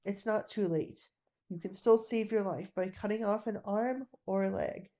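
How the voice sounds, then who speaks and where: A woman voicing a young male wartime pilot, bitter about dying young and gentle with a boy, in a storybook reading. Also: medium pitch, moderate pace, close to an everyday voice. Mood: bitter, tender.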